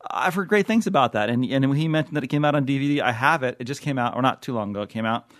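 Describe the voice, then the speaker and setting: A man's voice: mid-range voice, very fast, a bit bright, dry recording, clean studio sound. A man hosting a podcast in a casual, jokey chat, laughing often and rambling between topics. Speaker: podcast host.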